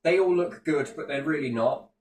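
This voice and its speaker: A man's voice: fairly high pitch, moderate pace. A British man talking in passionate, sweary rants during a casual chat. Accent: British English. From Britain. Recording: echoey room, distant mic, faint ambience.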